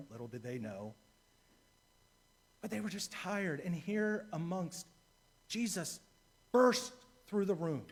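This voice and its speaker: A man's voice: high voice, expressive, slow pace, pauses often, husky. A man, a deacon, preaching a sermon in a church, telling a story and repeating key phrases for emphasis.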